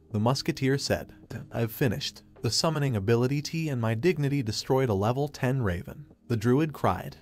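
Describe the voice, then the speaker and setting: A man narrating an anime story recap, reading every character's lines in the same even voice. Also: medium pitch. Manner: reads all characters' lines in one even voice. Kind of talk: scripted narration.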